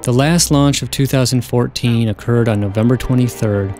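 Man, scripted narration, even and factual, mid pitch, faint music underneath. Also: moderate pace.

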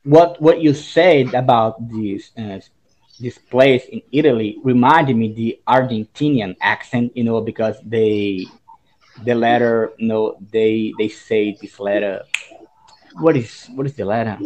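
A woman's voice: rumbling low, a little slow, a little mellow, muffled recording. A Brazilian woman, a native Portuguese speaker, practicing English in a casual video call with a Brazilian accent, searching for words and laughing easily. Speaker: English student.

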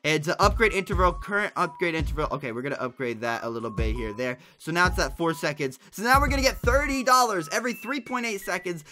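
A young man hosting a casual gaming livestream, excitable and chatty, yelping at mishaps and thanking donors aloud. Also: high voice, quick pace, few pauses, faint music behind. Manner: excitable, loud yelps, reads donations aloud. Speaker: livestream host.

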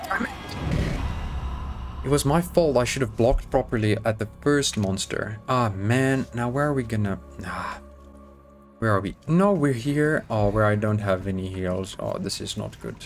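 A man giving excitable let's-play commentary, swearing, joking and pleading with the game as he plays. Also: lowish voice, a little slow, soft background music. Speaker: gaming YouTuber.

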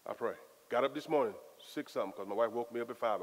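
A man preaching a sermon as pastor, in a lively, conversational style full of casual Southern phrasing. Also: mid-range voice, fast talker, slight background noise. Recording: long hall reverb.

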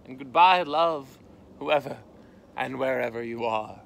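A man voicing a gentle, bewildered young storybook hero, earnest and startled. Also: high-pitched, animated, fairly quick, slight background noise, pitched above the performer's own voice. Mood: earnest farewell.

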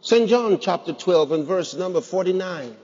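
A man's voice: high voice, animated, moderate pace, a little mellow. A man preaching a sermon as pastor, emphatic, putting rhetorical questions to his congregation. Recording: dull sound with long hall reverb.

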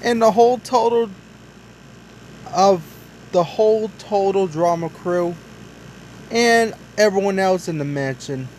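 Brief: man voicing a young guilty toy truck, stammering, apologetic, high and bouncy, slow delivery. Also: a little mellow, slight background noise, poor audio. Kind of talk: hobby toy drama voice acting.

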